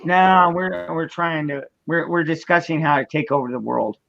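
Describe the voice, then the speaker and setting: A man's voice: on the high side, moderate pace, gravelly, highs cut off, crowd noise. A man joking around in a laid-back, casual chat.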